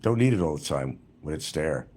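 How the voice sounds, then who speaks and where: Deep husky man telling crude stories. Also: animated, fairly quick, darkish tone. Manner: crude, profane and rambling. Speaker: livestreamer. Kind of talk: rambling livestream storytelling.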